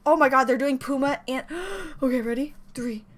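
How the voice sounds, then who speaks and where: Woman reacting to a show, bright sharp voice, squeals and keeps gushing. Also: high voice, moderate pace. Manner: gushing, squealing, repeats exclamations. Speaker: reaction video creator. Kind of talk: excited reaction commentary.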